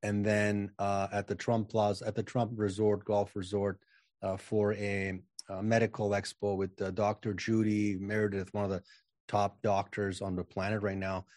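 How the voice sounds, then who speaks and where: A man's voice: on the low side, level tone, moderate pace, a little mellow, no room sound, studio quality. A man talking as a guest in a casual interview, self-assured and emphatic, often repeating words as he starts a sentence. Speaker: podcast guest, channeling coach.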